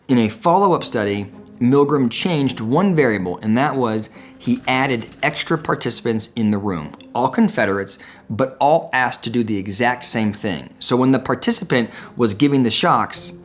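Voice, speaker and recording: A man's voice: mid-range voice, a little hiss or hum. A man, a psychologist, explaining a classic study in an educational talk, telling it as a story. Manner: storytelling, acts out quoted dialogue.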